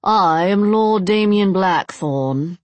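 A woman voicing a haughty male vampire steward with an exaggerated English accent, deep and overly formal in a storybook reading. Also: slow, no room sound, natural voice. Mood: pompous.

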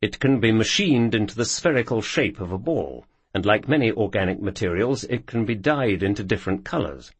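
Low husky guy reading a story, lively up and down, dry close sound. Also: no echo. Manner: measured storytelling. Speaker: narrator. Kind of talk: scripted narration.

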